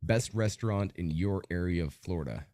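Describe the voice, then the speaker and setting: A man hosting a podcast interview over a video call, with an energetic, announcer-like delivery. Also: low voice, normal speed. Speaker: podcast host. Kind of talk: hype-style interview hosting.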